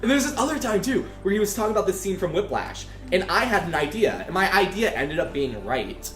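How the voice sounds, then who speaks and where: Young male host, high-pitched, rambling storyteller, echoey room with music. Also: big pitch swings, brisk, a bit bright. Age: young adult. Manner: rambling storyteller, full of fillers. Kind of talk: casual gaming chat.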